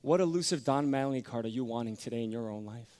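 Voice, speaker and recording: A man preaching a sermon, telling a personal story that swings from hushed to loud. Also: medium pitch, fast talker. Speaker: pastor. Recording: long hall reverb.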